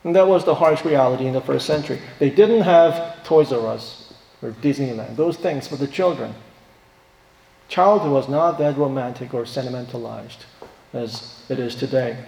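A man's voice: medium pitch, normal speed, gravelly, a little mellow. Man preaching in an echoing hall. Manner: emphatic, rhetorical questions, acts out quoted voices. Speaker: pastor. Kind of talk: sermon. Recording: roomy hall with long reverb.

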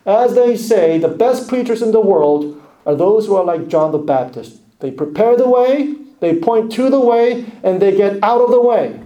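Man, preacher, sermon, high voice, mellow tone, emphatic delivery, echoey room. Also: expressive, normal speed. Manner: emphatic, rising and dropping to hushed asides.

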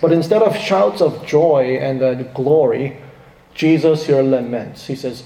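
A man's voice: medium pitch, a little slow, gravelly, dark tone. A man preaching a sermon, turning dramatic and emphatic when he quotes laments. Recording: echoey, reverberant hall.

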